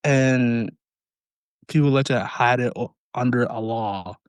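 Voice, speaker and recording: A man's voice: mid-range voice, slow, smooth, no room sound. Hesitant man, stammering in casual chat. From Canada. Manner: hesitant, stammering, lots of backchannel agreement. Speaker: podcast co-host.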